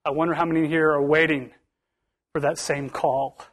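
A man's voice: a little high, flat delivery, moderate pace, fairly bright tone. A male pastor preaching a sermon to his church, building to emphatic bursts with much repetition.

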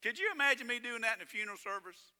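A man preaching a sermon as pastor, swinging between loud emphatic lines and hushed ones. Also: extremely high pitch, lively intonation, rapid-fire, in a large hall.

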